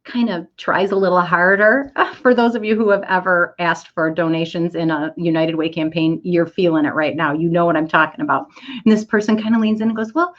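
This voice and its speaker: A middle-aged woman telling a personal story in a talk, acting out the quoted voices in an animated way. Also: on the low side, brisk. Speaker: speaker giving a talk. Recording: dull lo-fi audio.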